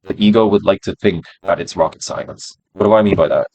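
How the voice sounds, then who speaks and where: A man's voice: low voice, a little fast, darkish tone, slight background noise, low-quality recording. A man streaming his day trades, talking himself through them in a casual, profane way and repeating phrases as he goes. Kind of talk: casual live-stream self-talk.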